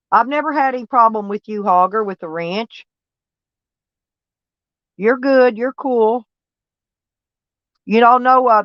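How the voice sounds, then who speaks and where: A woman with a fairly high voice and a Southern American accent reads live chat on her livestream, rambling casually and answering viewers by name. The recording is dull, lo-fi, and dry, with no echo.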